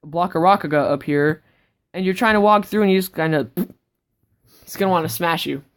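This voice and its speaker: A woman vlogger giving a casual, rambling tour of her sketchbook, breaking into sudden excited outbursts. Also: on the low side, moderate pace, clear, resonant tone.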